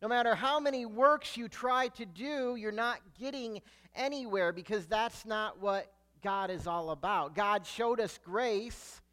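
A man preaching a sermon, emphatic, swelling loud on key words and sinking low and quiet at the ends of phrases. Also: a little slow. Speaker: pastor.

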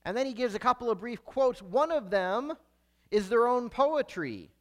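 Male preacher, sermon, scripture reading, earnest, explanatory, high voice. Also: very animated, moderate pace, fairly bright tone.

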